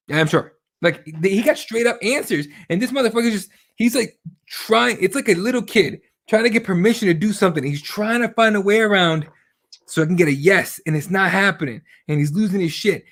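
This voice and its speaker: A man's voice: a little high, fairly quick, a bit bright. Heated, profane man co-hosting a chat. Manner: heated and profane, mimics voices while retelling. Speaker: podcast co-host. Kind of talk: casual chat about current events.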